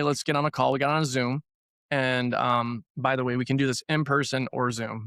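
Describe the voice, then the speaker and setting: A man with a gravelly, creaky voice explains his therapy work in a casual podcast chat. He talks conversationally and often repeats words for emphasis. The sound is close and dry, with no room echo. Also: mid-range voice, a bit bright. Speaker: trauma therapy practitioner.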